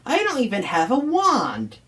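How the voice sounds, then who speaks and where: Woman doing pete, eager cartoon hero boy, gets cross easy, slow bouncy talk. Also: fairly high pitch, huge pitch swings, pitched above the performer's own voice. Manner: eager, shouts battle roars. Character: young male hero fighting ghosts, easily cross.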